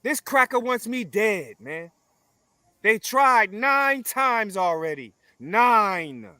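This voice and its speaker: Interview guest, male, high and bright, forceful and profane, builds phrases like a preacher. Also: animated, takes it slowly, clear, resonant tone, no room sound. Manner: forceful, emphatic, preaching cadence with repeated phrases; profane, blunt. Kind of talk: confrontational conversational interview.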